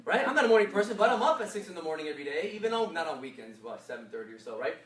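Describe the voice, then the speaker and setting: A man giving an energetic workshop talk, often quizzing the audience with fill-in questions. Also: fairly high pitch, racing. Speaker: workshop speaker. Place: echoey workshop room. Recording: roomy echo, mic from far off, faint noise.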